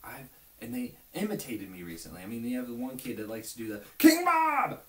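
A young youth pastor gives an informal, earnest video sermon, often dropping to near whispers. His mid-range, slightly mellow voice is fast, recorded in an echoey room with a distant mic and faint hiss.

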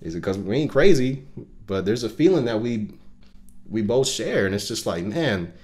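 A Christian musician co-hosting a casual podcast tells a personal faith story, earnest and emotional, with lots of filler words. His voice is animated at a moderate pace, rising in pitch and loudness as he recounts the intense moments.

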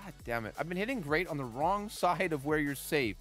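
A middle-aged man, chatting with his live chat while giving game commentary, swinging from calm tips to loud outbursts. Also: on the high side, fairly quick, faint music behind. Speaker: gaming livestreamer.

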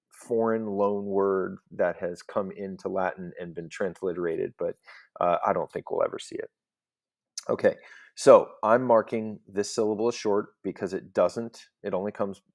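A man's voice: on the low side, vocal fry, darkish tone. A man teaching a recorded Latin lesson, explaining step by step in a patient voice and often checking in with "okay?".

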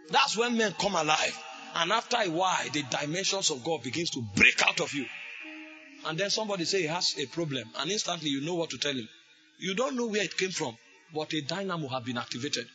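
Male preacher, fairly high, forceful bright tone, fervent sermon with shouted bursts, soft music behind.

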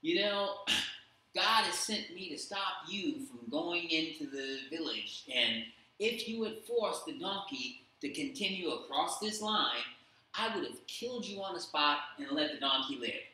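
A man's voice: fairly high pitch, animated, unhurried, bright, forceful tone, heavy reverb, distant mic, full character voice, low-quality recording. A man voicing a stern angel of the Lord who warns a prophet in a firm, raised voice. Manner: stern, warning.

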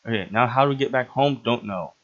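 A man's voice: medium pitch, fast talker, fairly bright tone, lo-fi sound. A man giving gameplay commentary who laughs often and bursts into sudden yelps. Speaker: gaming channel host.

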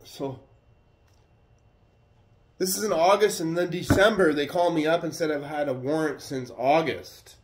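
A man telling a story in a casual, profane, animated way. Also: fairly high pitch, a little slow, long pauses. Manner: profane, animated retelling with acted quotes. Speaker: vlogger. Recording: roomy echo.

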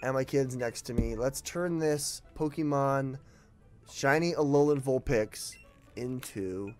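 A man commentating on his gameplay at home, with his children beside him, often bursting into joyful shouts. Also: medium pitch, slow pace, soft background music. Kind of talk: casual let's-play commentary.

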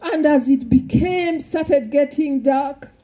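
A woman's voice: high voice, takes it slowly, mellow. A woman with a Kenyan accent preaching a Bible story, acting out the characters and breaking into hymn lines. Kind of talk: animated sermon storytelling.

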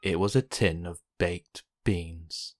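A man reading a children's picture book aloud with gentle, expressive storytelling. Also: low voice, takes it slowly, slight background noise. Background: faint background music.

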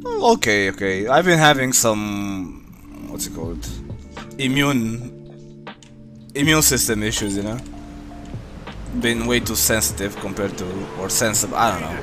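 A man's voice: on the low side, lively intonation, a little slow, long pauses. A young man from Romania, a streamer chatting casually with his viewers, rambling with many fillers, music playing behind him.

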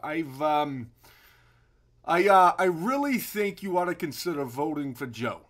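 A man making a prank phone call, talking haltingly with many fillers and restarts. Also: fairly high pitch. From New York. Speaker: prank caller.

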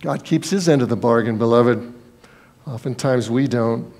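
A man preaching a sermon as pastor, telling Bible stories in a lively way and acting out the people in them. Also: mid-range voice, moderate pace. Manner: storytelling, acts out Bible scenes in quoted voices.

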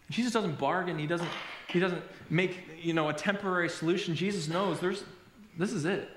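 A male pastor preaches in a high, bright-toned voice and tells stories with lively, self-deprecating humor. The room is echoey, the sound of a church sanctuary. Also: brisk. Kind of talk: sermon.

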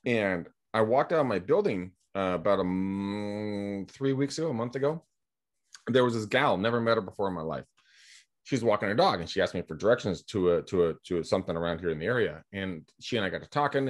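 A man's voice: on the low side, brisk. A middle-aged man from California, a real estate agent, telling rambling anecdotes in a casual podcast interview over a video call. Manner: energetic, chatty, rambling anecdotes with quoted dialogue.

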